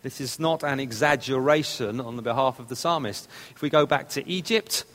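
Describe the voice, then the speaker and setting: A man's voice: medium pitch, fairly quick, a bit bright, long reverb tail. A man preaching a sermon, explaining a text step by step and repeating phrases for emphasis.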